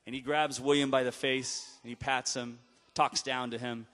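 A man preaching a sermon, telling a story with dramatic pauses and acted-out quotes. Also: medium pitch, flat delivery, fairly bright tone. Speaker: pastor. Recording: long hall reverb.

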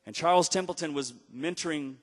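A fairly high-voiced man preaches through a story, driving points home loudly, then dropping to a hush. His voice hangs in a hall with a long, trailing reverb. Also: brisk. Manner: emphatic, swings from loud exhortation to hushed retelling. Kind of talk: storytelling sermon.

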